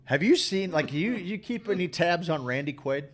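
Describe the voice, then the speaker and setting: A man's voice: high-pitched, lively intonation, moderate pace. A married man co-hosting a show, rambling and swearing casually with lots of fillers and restarts. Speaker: podcast co-host. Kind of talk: casual chat.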